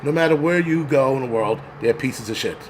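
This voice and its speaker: A man's voice: mid-range voice, a little fast, a little hiss or hum. A man hosting a live stream, ranting heatedly and profanely, often stammering over the start of a sentence before pushing on. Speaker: channel host.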